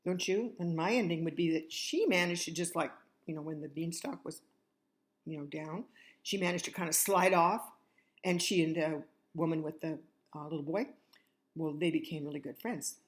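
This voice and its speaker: This older woman, a grandmother, has a low voice and keeps a moderate pace. Reading a fairy tale aloud for children, she chats with them and speaks right to them.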